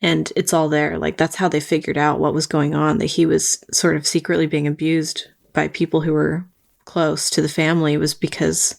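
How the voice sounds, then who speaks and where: A woman's voice: sits low, level tone, normal speed, gravelly. A woman co-hosting a podcast, talking thoughtfully and steadily about parenting. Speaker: podcast co-host. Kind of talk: casual conversation.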